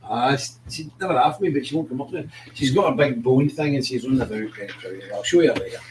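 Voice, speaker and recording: A man's voice: mid-range voice, fast, a little mellow, a little hiss or hum. Rambling man far from the mic. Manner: rambling, chatty, talks to his dog and viewers. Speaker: host of an online political show. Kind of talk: casual live-stream chat. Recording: roomy, distant mic, faint ambience.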